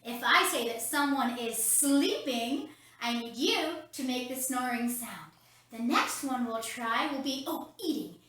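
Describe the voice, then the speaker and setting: A woman's voice: on the high side, animated, measured pace, fairly bright tone. A woman leading kids' story time from her home, upbeat and talking straight to the children. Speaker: children's ministry leader. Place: at home, roomy indoor space. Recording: very echoey room, mic at a distance.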